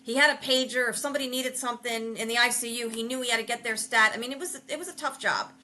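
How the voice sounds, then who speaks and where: A woman hosting a podcast, sharing memories in a lively, emotional way and laughing often. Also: a little high, fast talker. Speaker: podcast host. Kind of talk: casual chat.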